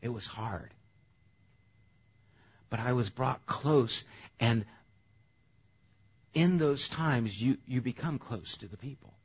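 A male pastor preaching a sermon in a conversational, animated way. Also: mid-range voice, takes it slowly, pauses often, breathy edge, dull audio.

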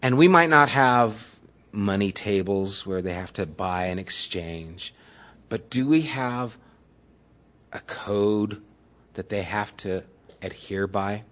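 A man's voice: on the low side, takes it slowly, fairly bright tone. A man preaching a sermon as the pastor, retelling scripture in everyday, conversational words.

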